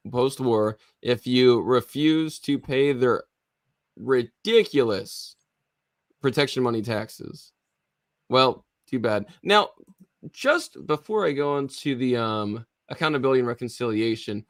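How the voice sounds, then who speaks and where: A man's voice: mid-range voice, no echo. A man hosting a livestream discussion, talking conversationally and leading through points. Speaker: livestream host.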